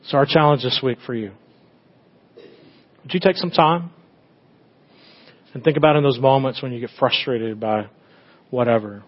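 A middle-aged man, a pastor, preaching a conversational sermon, swinging between loud bursts and hushed tender moments. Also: mid-range voice, normal speed, pauses often, highs cut off.

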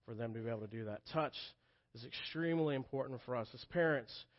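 A man in his thirties preaching a sermon as pastor, telling the story earnestly and dropping soft and quiet for tender moments. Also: medium pitch, fast talker, highs cut off. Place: church sanctuary.

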